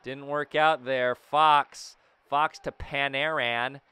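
A young man giving casual, jokey commentary over his own hockey video game, breaking into loud excited outbursts. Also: medium pitch, takes it slowly, clear, resonant tone, dry recording. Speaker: gaming YouTuber.

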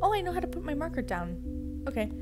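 A woman's voice: sits high, big pitch swings, fast talker, loud music behind the voice. A young woman chatting playfully and dramatically to her viewers while she plays a game, full of sass and exaggerated reactions. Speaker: gaming streamer. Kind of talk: casual gameplay commentary.

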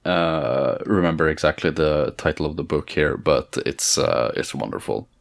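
A man hosting a podcast in casual chat, hesitant and full of pauses. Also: extremely low pitch, gravelly. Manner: hesitant, many pauses and fillers.

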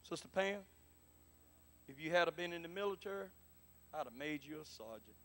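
A man preaching a prophetic sermon to a congregation in a church, calling for responses and repeating his lines, dropping to soft murmurs and then rising to loud exclamations. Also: a little high, expressive, moderate pace, long pauses. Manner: emphatic, repetitive, swings between soft murmurs and loud exclamations. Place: church sanctuary.

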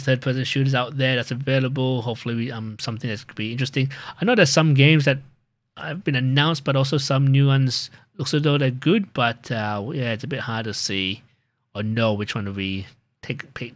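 A man of middling pitch talks loosely to his viewers as a stream winds down, drifting between thoughts with frequent fillers and false starts. His voice sits close and dry, with little room sound around it. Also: no echo. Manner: rambling, with many fillers and restarts. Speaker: gaming streamer. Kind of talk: casual end-of-stream chat.

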